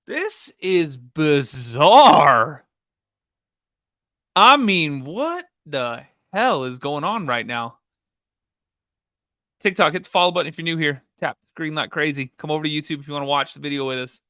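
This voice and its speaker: A woman's voice: low voice, fairly quick, no room sound, clean studio sound. A woman hosting a live stream, reacting to an interview clip with incredulous comments and calls to follow. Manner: incredulous, animated.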